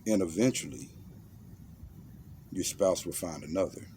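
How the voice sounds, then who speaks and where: A man's voice: low-pitched, measured pace, warm tone, slight background noise. A man giving a blunt, intense monologue that guides the listener through a visualization, using slang and commands. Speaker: motivational self-defense speaker.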